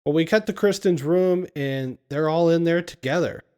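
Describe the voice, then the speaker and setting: A man's voice: fairly high pitch, normal speed, dark tone, smooth. A man casually recapping a film scene by scene on a podcast, laughing often as he retells it. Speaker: podcast co-host.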